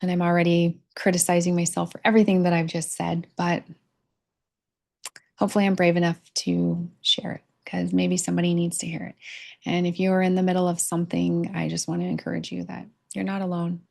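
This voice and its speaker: A middle-aged woman speaking candidly in an unscripted personal vlog, halting often with pauses and fillers. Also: fairly low pitch, level tone, vocal fry, a little mellow. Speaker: vlogger sharing a personal reflection. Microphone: camera mic.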